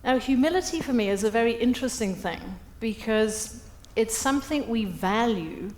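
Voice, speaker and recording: A woman's voice: fairly high pitch, normal speed. A middle-aged woman giving a humorous, self-deprecating storytelling speech at a breakfast event. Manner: lively, self-deprecating, acts out quotes. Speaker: keynote speaker. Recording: echoey event hall.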